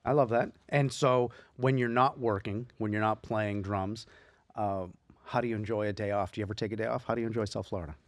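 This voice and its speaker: A man co-hosting a podcast in casual chat, upbeat and jokey, reading shout-outs. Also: fairly low pitch, steady tone, fairly quick, dry recording, clean studio sound. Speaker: podcast co-host. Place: podcast studio. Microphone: studio mic.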